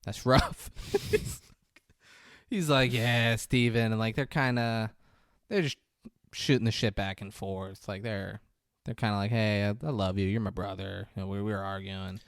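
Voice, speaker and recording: A man's voice: fairly low pitch, steady tone, unhurried, creaky, no echo, studio quality. A man co-hosting a podcast, casually retelling a film scene and acting out the characters' lines with laughs. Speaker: podcast co-host.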